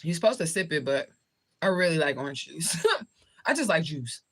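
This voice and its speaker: Hosting a livestream, a woman from the southern United States talks with her mouth full, rambling casually to viewers. Her deep voice is a bit bright and slightly rough, with lively intonation at normal speed.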